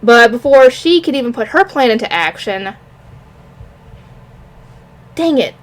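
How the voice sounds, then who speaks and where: Fairly high-pitched, expressive, and unhurried, this anime reviewer talks through an episode on her own in a casual way. She rambles and frequently stops to hunt for names.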